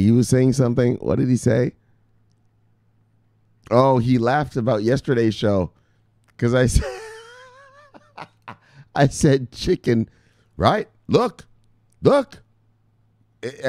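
A middle-aged man talking excitedly as a crypto news vlogger, cursing and shouting shout-outs to viewers. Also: medium pitch, normal speed, long pauses, no room sound. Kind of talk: casual hyped-up commentary.

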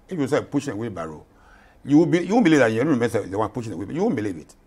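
A man's voice: medium pitch, slightly rough. A man in his eighties from Ghana, a retired general speaking as a guest in an interview, impassioned and emphatic, repeating himself for stress. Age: 80s.

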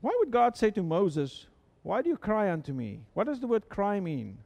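High-voiced man preaching in an echoing hall. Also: very animated, moderate pace, creaky, darkish tone, muffled recording. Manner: conversational preaching with frequent repetitions and rhetorical questions. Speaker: pastor. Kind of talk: sermon. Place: church sanctuary.

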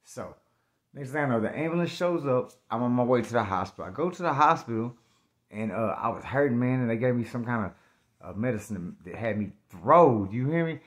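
A man's voice: mid-range voice, a little fast. Slangy man telling a wild story. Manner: animated, slangy, acts out scenes with loud outbursts. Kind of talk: casual spoken storytelling.

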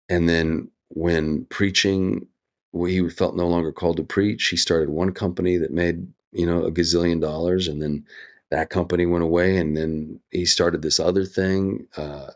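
A middle-aged man speaking as a guest in an interview, earnest and thoughtful, with lively quoted asides. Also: low-pitched, normal speed. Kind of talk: reflective interview conversation.

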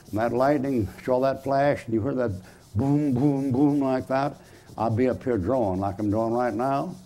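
A man's voice: mid-range voice, dark tone. A man preaching a chalk-talk sermon in a church, folksy and emphatic, putting questions to the audience and answering them himself.

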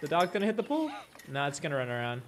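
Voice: medium pitch, sing-song, racing, slight background noise. A reaction video host at home, commentating casually on funny clips, laughing often and chatting to their own dogs.

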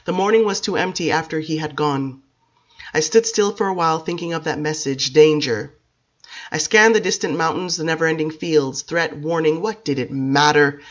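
A woman reading a novel aloud in a measured, expressive first-person narration. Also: low-pitched, lo-fi sound. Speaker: audiobook reader.

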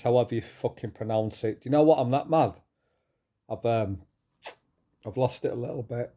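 A middle-aged man ranting angrily to his viewers, swearing, repeating himself and pausing to calm down. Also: medium pitch. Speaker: vlogger. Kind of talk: angry rant to camera.

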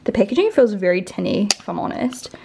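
A woman's voice: mid-range voice, big pitch swings, quick pace, vocal fry, mellow, a little hiss or hum. A young woman from New Zealand vlogging at home in a casual, rambling way, with lots of "like" and "um" and a slight lisp. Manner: chatty, rambling, with many "like" and "um" fillers. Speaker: beauty vlogger. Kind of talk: casual vlog chat.

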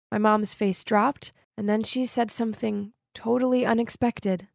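Woman, fairly high voice, dry close recording, confessional storytelling narrator. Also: fairly even intonation, normal speed, creaky, hardly any pauses, dry recording. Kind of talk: first-person animated story narration.

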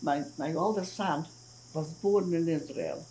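An older woman from Hungary giving her testimony in a recorded oral history interview, speaking haltingly, with frequent restarts and soft murmured agreement. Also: sits low, a little hiss or hum, poor audio. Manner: acts out family dialogue when retelling it. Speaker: Holocaust survivor giving testimony.

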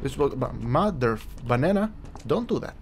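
Very animated and at a moderate pace, a medium-pitched male voice jokes and rambles through a horror game, often addressing the game directly. He's a let's-play gamer whose first language is Croatian. The background is noisy, with game music underneath.

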